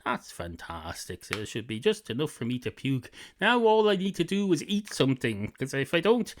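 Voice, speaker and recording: A man's voice: medium pitch, very animated, normal speed, slight background noise, lightly acted. A man voicing a fussy female cat at a bar, in a rambling, sweary, self-correcting improvised comic monologue. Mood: chatty.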